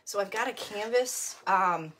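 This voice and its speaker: A woman's voice: mid-range voice, measured pace, a bit bright, a little hiss or hum. A woman in her fifties hosting a casual live craft tutorial, rambling, laughing at herself and greeting viewers by name between steps. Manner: self-deprecating, laughs often. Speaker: crafting livestream host.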